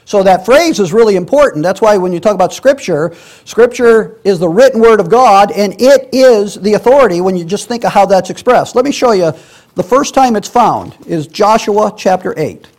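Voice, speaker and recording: A man's voice: high voice, animated, normal speed, darkish tone. A man teaching a Sunday school class in a church, reading scripture aloud and explaining it in a conversational way, with many restarts and asides.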